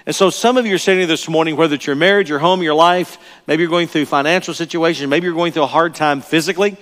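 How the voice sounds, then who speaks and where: Older man, pastor, earnest sermon, slightly high voice, long church reverb. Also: fairly even intonation, fast talker, fairly bright tone. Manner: earnest, emphatic, repeats key phrases. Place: church sanctuary.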